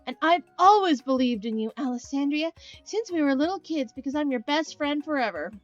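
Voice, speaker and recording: A perky, sugary young best friend from a video game, as a woman puts her on. Her voice is high-pitched and sweet. The recording is slightly dull, with faint music behind it. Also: expressive, fairly quick, dry recording. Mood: sugary eager.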